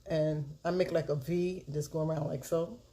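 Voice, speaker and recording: A woman talking casually through a makeup tutorial, chatty and unhurried, now and then chanting a catchphrase. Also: low-pitched, steady tone, dark tone. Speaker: beauty vlogger.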